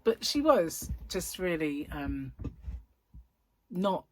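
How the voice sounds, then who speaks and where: Middle-aged lady, husky and a bit low, rambly chatty host, voice bouncing all over. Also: sing-song, extremely slow, a little hiss or hum. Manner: rambling, anecdotal, laughs often. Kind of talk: casual chat.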